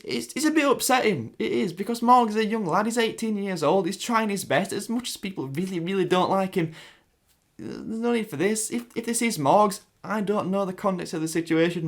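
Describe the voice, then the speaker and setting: A man's voice: high-pitched, lively intonation, normal speed, a bit bright. A man with a Sheffield accent giving casual commentary, hesitant with many restarts. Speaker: YouTube commentator.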